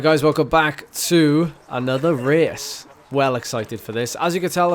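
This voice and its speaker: A man with a mid-range voice chats to camera in a casual, jokey, self-deprecating way while outdoors at a muddy race course, with slight background noise. He's a vlogger and amateur cyclocross racer.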